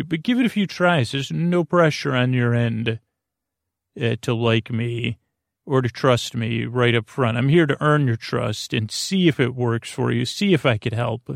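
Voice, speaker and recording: A man hosting a bedtime podcast, talking in a meandering, self-interrupting way with deadpan jokes and a creaky voice. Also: mid-range voice, no room sound, clean studio sound. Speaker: podcast host. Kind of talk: rambling bedtime podcast monologue.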